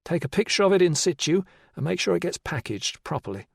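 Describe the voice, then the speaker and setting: A man doing a brisk, clipped female cop. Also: high voice, sing-song, vocal fry, husky, no echo, clean studio sound, pitched above the performer's own voice, exaggerated voice. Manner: clipped and terse, businesslike. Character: tough, brisk female police officer. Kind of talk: audiobook character voice.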